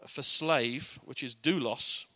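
Earnest man with a bright voice. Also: medium pitch, slow pace, dry recording. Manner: earnest and conversational. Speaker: Bible teacher. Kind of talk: informal Bible teaching.

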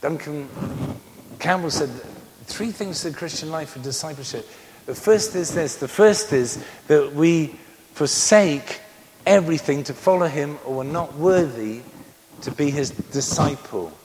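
A man's voice: a little high, measured pace. A man in his sixties preaching a sermon, joking and telling stories between repeated amens. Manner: animated, joking storyteller with many amens. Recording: reverberant hall with faint noise.

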